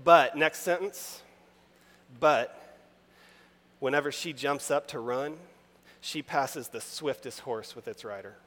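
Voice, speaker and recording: A man preaching a sermon, reading scripture aloud with rising emphasis and speaking in an animated, conversational way. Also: medium pitch, takes it slowly, long pauses. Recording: long reverb of a large hall.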